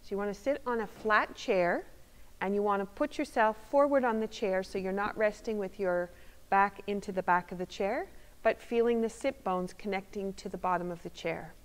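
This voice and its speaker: A woman instructor calmly talking viewers through seated foot exercises step by step while demonstrating them. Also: mid-range voice, normal speed. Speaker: movement instructor. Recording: long reverb of a hall.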